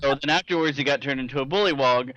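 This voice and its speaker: A man's voice: mid-range voice, fast, fairly bright tone, no echo, highs cut off. A young man co-hosting a casual gaming podcast, blunt and joking, swearing casually as he tells stories. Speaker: podcast co-host, dungeon master. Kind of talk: casual chat.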